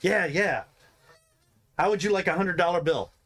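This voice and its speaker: A man's voice: high voice, moderate pace, fairly bright tone, pitched above the performer's own voice. A man voicing a corny male stage comedian in a tabletop game, with hammy, brash showman patter. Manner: hammy, punchline-driven, brash emcee patter.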